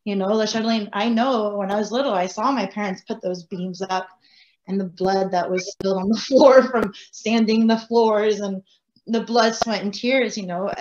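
A woman speaking at a middle pitch, full of lively stories about her family business. She talks in a warm, chatty way. The sound comes through a video call with a dull, lo-fi edge. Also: moderate pace. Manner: animated, chatty storytelling. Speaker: restaurant owner. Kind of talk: panel discussion.

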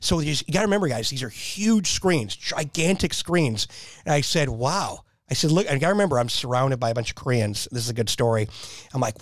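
Fiftyish male veteran guest, eager rambling storyteller, somewhat high voice, dry close sound. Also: expressive, moderate pace, no echo. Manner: enthusiastic, rambling storyteller who repeats himself. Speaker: podcast guest, military veteran. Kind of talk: casual storytelling.

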